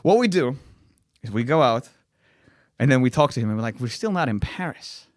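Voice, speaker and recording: A man's voice: mid-range voice, animated, fairly quick, dry recording, studio quality. A young man from Lithuania with a Lithuanian accent, a comedian telling a wild story in casual chat, acting out quotes and laughing often. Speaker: comedian guest.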